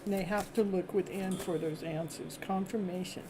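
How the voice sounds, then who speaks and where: A woman hosting a live tarot reading, chatty and reassuring, often clearing her throat and laughing as she talks. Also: fairly low pitch, steady tone, moderate pace, mellow, a little hiss or hum. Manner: repetitive, reassuring phrasing. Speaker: tarot reader and host.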